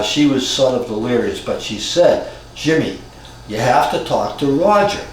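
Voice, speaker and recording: Older man telling a story in an echoey room. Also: mid-range voice. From Cambridge, Massachusetts. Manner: reflective, halting, with frequent restarts. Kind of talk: personal storytelling. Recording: very echoey room from far off, faint noise.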